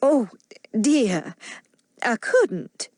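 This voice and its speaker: Woman voicing an earnest, flustered gentle young wife. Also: fairly high pitch, sing-song, extremely slow, dry recording, clean studio sound, pitched above the performer's own voice, heavily acted. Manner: earnest, eager, easily flustered.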